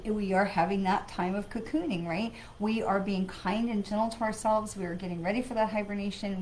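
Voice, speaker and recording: Woman psychic host, mid-pitched, conversational live reading with sighs and "um"s; slight noise behind. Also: poor audio. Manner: conversational, with frequent fillers and sighs; greets viewers by name. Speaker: psychic medium. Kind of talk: live-streamed card reading.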